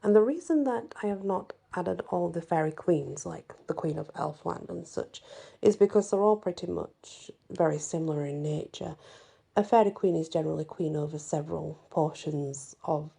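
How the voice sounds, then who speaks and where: A woman reading old fairy ballads and folklore aloud as a storyteller, gentle and unhurried, sometimes dropping into a soft whisper. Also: low voice, vocal fry, husky.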